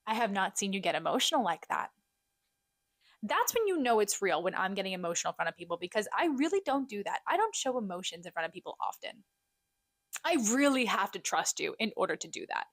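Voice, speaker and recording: A young woman co-hosting a podcast, catching up in a chatty, self-deprecating, animated way. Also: mid-range voice, fast, no echo. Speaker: podcast co-host. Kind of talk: casual solo catch-up chat.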